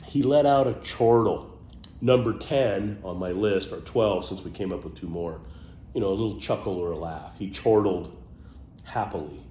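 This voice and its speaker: Man, lowish voice, playful casual monologue with muttered asides, roomy sound, faint hum behind. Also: normal speed, mellow. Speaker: vlogger sharing favorite words.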